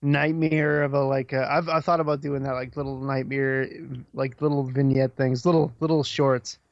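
A man's voice: mid-range voice, flat delivery, moderate pace, dry recording. Laid-back man on dull lo-fi audio. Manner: laid-back, swears casually, trailing filler words. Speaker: podcast co-host. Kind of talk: casual chat.

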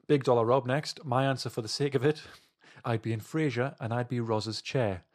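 A man's voice: mid-range voice, fairly even intonation, moderate pace. A man co-hosting a podcast, bantering casually and reading out listener messages, sometimes with a flavour. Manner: jokey, puts on silly accents when quoting.

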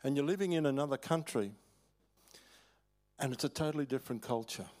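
An older Australian man preaching a sermon, telling stories in a folksy way with chuckles and halting restarts. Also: medium pitch, darkish tone. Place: church hall.

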